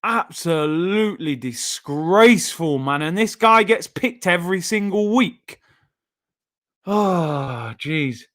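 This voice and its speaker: A man, hosting a live football watchalong with frustrated, animated outbursts at the play. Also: sits high, slow. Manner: frustrated, animated fan reactions, loud outbursts. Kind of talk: live match watchalong reaction.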